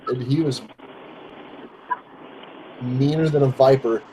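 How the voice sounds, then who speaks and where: A man chatting in a slow, rambling way on a livestream, chuckling often. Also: mid-range voice. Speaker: livestream guest. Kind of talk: casual livestream chat. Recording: noisy call audio.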